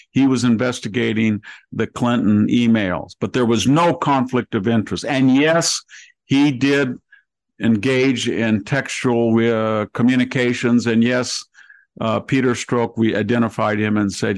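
Gravelly man in sarcastic political commentary. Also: medium pitch, fairly even intonation, no echo, low-quality recording. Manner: sarcastic, rapid-fire listing of grievances. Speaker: podcast host.

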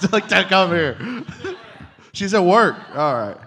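Slow, lively-pitched wisecracking man. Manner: wisecracking, teasing asides. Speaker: comedian on stage. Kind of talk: live stage banter.

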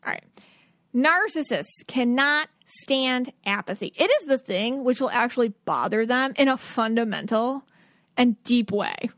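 A woman in her thirties talks through her podcast in a casual, earnest way, full of "like" and little laughs. Her voice sits a bit high, and the sound is dry and close, with no room around it. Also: expressive, unhurried, a bit bright, no echo. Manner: earnest, chatty advice-giving with frequent "like" and laughs. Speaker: podcast host. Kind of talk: casual solo podcast talk.

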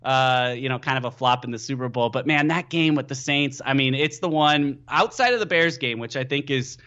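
A young man, a pro football player guesting on a podcast, telling stories excitably and leaning on "you know.". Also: medium pitch, moderate pace, lo-fi sound. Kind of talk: casual podcast chat.

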